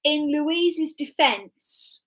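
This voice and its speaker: Brief: female co-host, high voice, chatty, teasing side comments. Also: lively intonation, fairly bright tone. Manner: chatty, teasing asides and quick reactions. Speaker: pastor co-hosting a live stream. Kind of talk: casual livestream chat.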